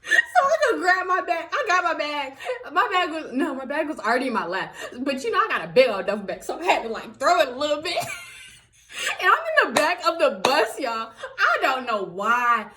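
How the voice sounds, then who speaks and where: Animated young woman telling a story. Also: high-pitched, normal speed, a little hiss or hum. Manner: animated, laughing, talks to viewers as y'all. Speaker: vlogger. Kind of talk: storytime vlog.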